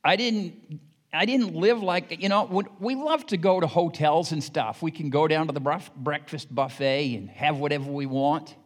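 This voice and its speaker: An older male pastor with a somewhat high voice delivers a folksy, story-driven sermon that builds to emphatic exhortation. His voice rings out with a long reverb that trails through a church hall. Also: normal speed. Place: church sanctuary.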